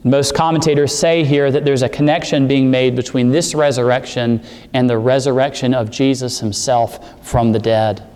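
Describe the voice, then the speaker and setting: A man preaching a sermon, explaining scripture and climbing in pitch on the words he stresses. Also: fairly even intonation, moderate pace, a little mellow, big-room sound. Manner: expository preaching, rising emphasis on key words. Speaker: pastor.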